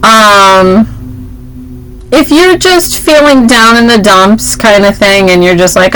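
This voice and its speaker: A woman's voice: medium pitch, slow, fairly bright tone, soft background music, rough recording. A woman co-host in casual chat, rambling and laughing often.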